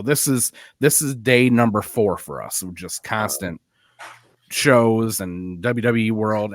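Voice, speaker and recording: A man's voice: lowish voice, a bit bright, no room sound, clean studio sound. A man co-hosting a podcast, telling a story in casual chat and laughing at his own punchlines. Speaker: podcast co-host.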